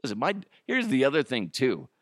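A man's voice: mid-range voice, wildly swooping pitch, brisk, a bit bright, no echo, clean studio sound. A man hosting his solo podcast, ranting profanely and laughing at his own jokes. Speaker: podcast host.

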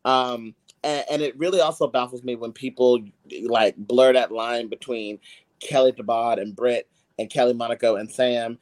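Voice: medium pitch, fairly even intonation, moderate pace, darkish tone. A podcast co-host chatting casually, easygoing and teasing.

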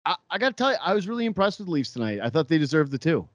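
A man co-hosting a sports podcast in casual chat, animated and jokey, acting out quotes. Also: a little high, very fast, no echo.

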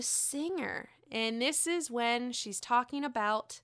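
A woman's voice: fairly high pitch, slow pace, few pauses, pushed and bright, clear, resonant tone. A woman casually recapping a reality show, gossiping, swearing freely and often laughing.

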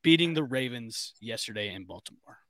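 Bright, energetic male podcast host. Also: mid-range voice, no room sound. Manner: quick, joking, energetic. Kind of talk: casual chat.

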